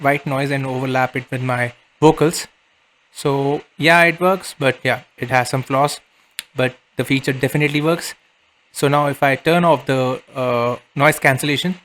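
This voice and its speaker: A man's voice: medium pitch, fairly bright tone, slight background noise. A man reviewing a desk microphone he is testing, explaining casually with playful asides. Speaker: tech reviewer. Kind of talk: product review narration. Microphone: desk condenser microphone under test.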